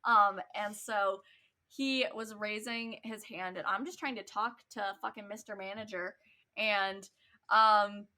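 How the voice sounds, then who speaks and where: Bright-voiced young woman telling a story. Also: mid-range voice, a little slow. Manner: animated, laughs often, quotes people. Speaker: podcast co-host. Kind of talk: casual storytelling chat.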